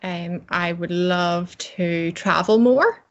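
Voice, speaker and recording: A woman's voice: fairly low pitch, takes it slowly. A woman being interviewed, talking cheerfully and chattily about her business and her plans, often laughing. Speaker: interview guest, coach. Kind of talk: casual interview chat. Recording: slightly dull audio.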